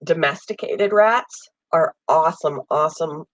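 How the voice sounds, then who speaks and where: A friendly pet channel host with a summer cold rambles through a casual live chat with viewers from a home room with an air conditioner, saying lots of ums and coughing now and then. Her voice is lowish and her speed normal. The audio is poor, with no echo.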